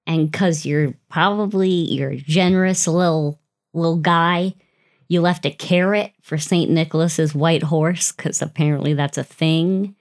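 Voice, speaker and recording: Podcast host, young adult woman, lowish voice, playful, dramatic storyteller. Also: fairly even intonation, unhurried. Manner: playful, swearing, dramatic second-person storytelling with laughs.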